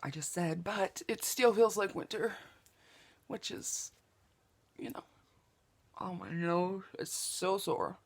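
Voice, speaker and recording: A woman talks through her makeup routine in a relaxed, chatty way. Her voice sits low and has a gravelly fry. She jokes about herself and often drops into a soft whisper while she works. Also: slow pace, long pauses. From Southeast Oklahoma, US. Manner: chatty and self-joking, drops to a whisper while applying products. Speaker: beauty vlogger. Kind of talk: casual makeup tutorial chat. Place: home makeup table with window open.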